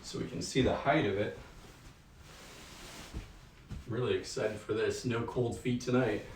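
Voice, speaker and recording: A man's voice: fairly low pitch, a little fast, a little hiss or hum. A young man from the Northeast US hosting a casual unboxing livestream, rambling with lots of ums and a little out of breath. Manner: relaxed, rambling with many ums. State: sweaty and slightly out of breath. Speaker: livestream host. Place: bedroom at home. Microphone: camera mic across the room. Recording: echoey room, far from the mic.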